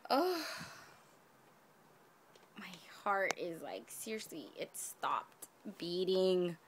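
A woman's voice: fairly low pitch, slow, slight background noise. Breathless, gushing woman vlogger. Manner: gushing, breathless, excitable, gasping and whispering in awe. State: hot and out of breath. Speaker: vlogger opening a craft swap package. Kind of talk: casual unboxing vlog.

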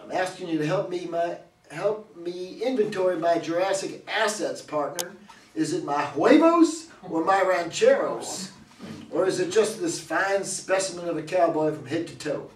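In a reader's theater stage reading, a man with a high, animated voice plays a boastful older cowboy who runs a roadside museum, cocky and folksy, with a hammy, salesman-like drawl at a moderate pace. The recording has a little hiss or hum and sounds like an echoey hall heard from far off.

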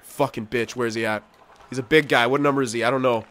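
Playing a hockey video game, a young guy commentates live on his own match, excitable and yelling profanities at the AI opponents. His voice sits in the mid range, and he talks fast.

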